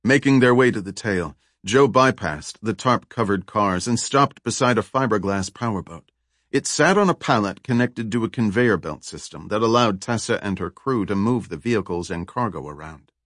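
A man narrating a thriller audiobook in a steady, even reading. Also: fairly low pitch, moderate pace, dry recording, studio quality.

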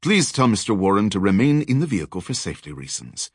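A man voicing a calm, businesslike female dispatcher with a British accent. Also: fairly low pitch, quick pace, slightly rough, no echo, studio quality, heavily acted.

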